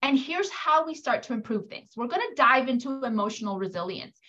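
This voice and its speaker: A woman's voice: sits high, brisk, dull audio. A woman giving a coaching talk to mothers, addressing listeners directly and animatedly acting out quoted parents and kids. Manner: animated, acts out quoted voices.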